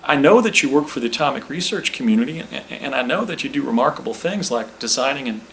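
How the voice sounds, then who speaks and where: A man putting on a folksy young male politician with a Southern-sounding drawl, pitched higher than his own voice. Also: animated, fast talker, fairly bright tone, a little hiss or hum, poor audio.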